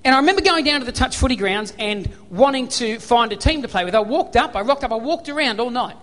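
Australian male preacher, high voice, storytelling sermon, long hall reverb. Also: lively intonation, fast talker, a bit bright. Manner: storytelling, acts out remembered dialogue.

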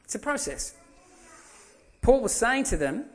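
A man's voice: high voice, very animated, normal speed, pauses often. An Australian man preaching a sermon as a pastor, telling stories in a conversational way and repeating emphatic phrases.

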